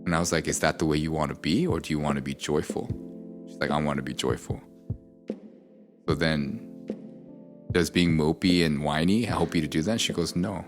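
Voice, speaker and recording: Deep-voiced pastor, reflective and unhurried. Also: male voice, fairly even intonation, soft background music. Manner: reflective storytelling with many fillers. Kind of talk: casual podcast conversation.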